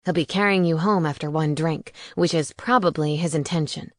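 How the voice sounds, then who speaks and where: A woman's voice: low voice, normal speed, dry recording, clean studio sound, voice pushed down, natural voice. A woman narrator voicing an earnest young male angel who speaks plainly and a bit guarded.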